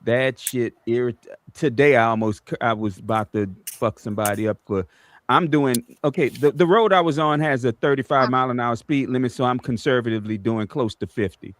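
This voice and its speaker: A man telling profane road stories on a casual podcast, acting out quotes loudly. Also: mid-range voice, fairly quick. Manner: animated, acts out quotes loudly. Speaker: podcast co-host.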